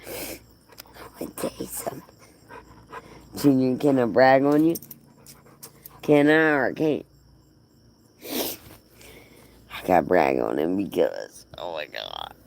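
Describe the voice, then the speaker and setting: A man's voice: low voice, very animated, slow pace, vocal fry, pauses often, darkish tone, full character voice. An actor playing a grieving man who rambles tearfully and half laughs as he dotes on his dog. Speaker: dog owner. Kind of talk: emotional monologue.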